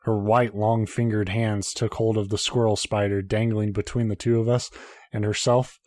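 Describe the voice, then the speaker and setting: A man's voice: on the low side, flat delivery, moderate pace, darkish tone, dry recording. A man, a podcast host, reading a horror story aloud in a casual way, now and then breaking off to joke and swear.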